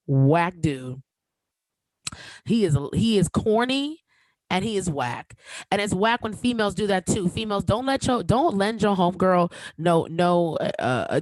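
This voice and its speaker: A woman's voice: medium pitch, a little mellow, dry recording, rough recording. Woman, solo podcast host; emphatic, projecting voice, repeats for punch; dry close-miked sound.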